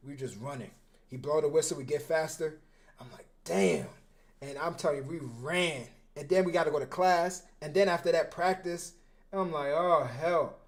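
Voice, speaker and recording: A young football coach and former defensive back breaks down film on a casual livestream. His fairly high voice is animated and full of slang, and he often repeats his words.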